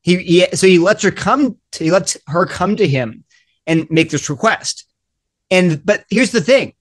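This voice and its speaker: A man, a guest author in a panel discussion, explaining with lively, acted-out quotes. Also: high voice, unhurried.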